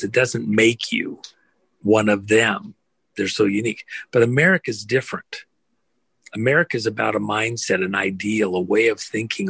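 Man, rousing emphatic monologue, gravelly fry, dry close sound. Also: lowish voice, bright, forceful tone, dry recording. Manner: emphatic, rousing, repetitive lists. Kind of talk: impassioned monologue.

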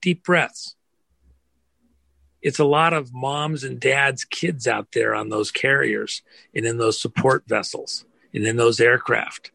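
A man's voice: medium pitch, creaky, bright, forceful tone, husky, dry recording. A man delivering an impassioned, emphatic monologue, stacking phrases in rousing lists.

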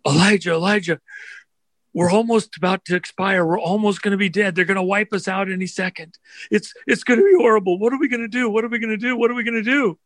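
A man voicing a panicked young male servant, pleading in a shrill, frantic voice. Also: fairly even intonation, quick pace, no room sound, natural voice.

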